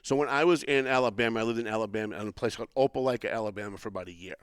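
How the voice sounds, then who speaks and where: A man's voice: fairly low pitch, rapid-fire, clean tone, no room sound. Rambling area man storytelling. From Boston area. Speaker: podcast host. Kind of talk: casual political chat.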